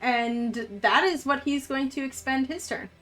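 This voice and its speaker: Woman, game master, high voice, slow narration, frequent ums, tabletop game. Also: soft background music. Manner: unhurried, lots of ums, bursts of excitement at rolls.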